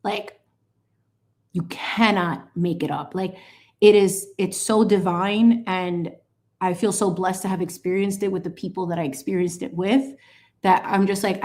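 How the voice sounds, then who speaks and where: Her voice is medium-pitched and unhurried as she paints on a livestream she hosts. She chats in a sassy, animated, playful manner, with plenty of asides and some Spanish mixed in.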